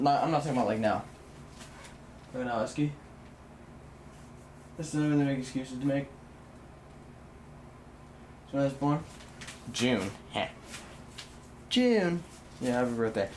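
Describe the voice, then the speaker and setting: A man's voice: mid-range voice, a little mellow, slight background noise. Blunt, rambling young male streamer. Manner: rambling and blunt, swears, restarts sentences. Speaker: livestreamer. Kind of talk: casual live stream chat while building a PC.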